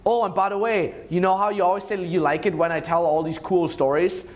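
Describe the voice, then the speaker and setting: Young guy ranting dating advice, kinda high voice, lots of swearing and acting out what people said. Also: fairly even intonation, brisk. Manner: crude, rambling, swears a lot; acts out quoted lines in a raised voice. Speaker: dating coach. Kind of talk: casual advice talk.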